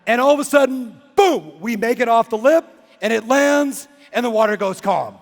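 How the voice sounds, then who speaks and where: A man giving an animated keynote talk in a big conference hall, acting out a story and breaking into shouts. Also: very high voice, moderate pace. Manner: excitable, acts out the scene and shouts. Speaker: real estate coach and keynote speaker. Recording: long reverb in a big hall.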